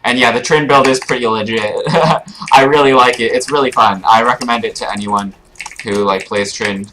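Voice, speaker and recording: Young man with a bright voice. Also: mid-range voice, fairly even intonation, moderate pace, a little hiss or hum, rough recording. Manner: casual, explanatory, frequent fillers. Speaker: gaming streamer. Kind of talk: live gameplay commentary. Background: keyboard clicks and typing.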